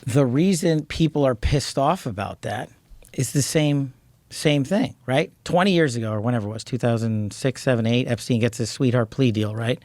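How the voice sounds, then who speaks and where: A man's voice: medium pitch, normal speed, a little mellow, no room sound. A man answering as a guest in an interview, speaking earnestly with many tag questions and restarted words.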